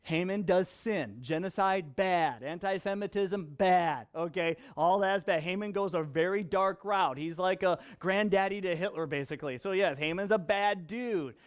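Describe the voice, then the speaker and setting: A man with a notably high voice preaches to his congregation. He fires off rhetorical questions and slips into acted-out quotes. Joking asides keep the sermon light. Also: normal speed, few pauses, clear, resonant tone. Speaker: pastor.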